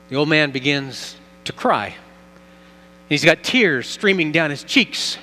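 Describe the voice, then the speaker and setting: A man's voice: on the high side, sharp tone. A man preaching a sermon as pastor, telling a story earnestly and building emphasis. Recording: long reverb, faint mains hum.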